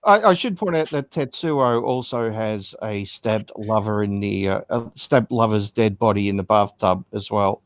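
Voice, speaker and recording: A man's voice: lowish voice, normal speed, hardly any pauses, no room sound, clean studio sound. A man co-hosting a podcast, chatting casually about movies and restarting his sentences. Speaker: podcast co-host.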